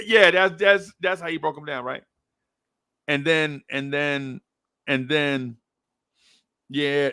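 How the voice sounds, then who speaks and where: A man's voice: a little high, sharp tone, no echo, studio quality. A man telling a story in casual chat, acting out voices and laughing often as he goes. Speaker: podcast co-host telling a story.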